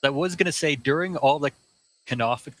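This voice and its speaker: A man's voice: a little high, brisk, fairly bright tone, low-quality recording. A man playing a tabletop game who talks casually and fumbles for words. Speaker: player.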